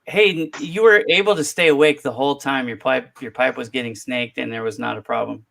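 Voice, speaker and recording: A man's voice: mid-range voice, fairly quick, gravelly, a bit bright. A man co-hosting a talk show, dropping joking quips.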